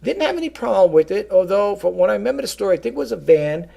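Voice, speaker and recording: A middle-aged man talks casually to his viewers in a rambling way, dotting his talk with fillers and calling them folks. His voice sits a little high and is heavily gravelly with fry throughout. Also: big pitch swings, fast, mellow. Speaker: vlogger and eBay reseller.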